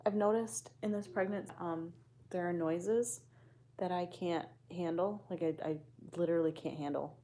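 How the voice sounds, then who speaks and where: A woman's voice: on the low side, steady tone, normal speed, mellow, a little hiss or hum. A woman vlogger in casual chat to the camera, laid-back, sighing often and swearing offhandedly.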